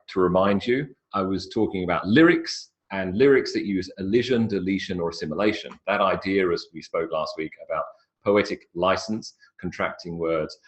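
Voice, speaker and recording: A man giving a live online English pronunciation lecture in a chatty, explanatory way. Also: sits low. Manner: chatty, explanatory, stretches words for emphasis.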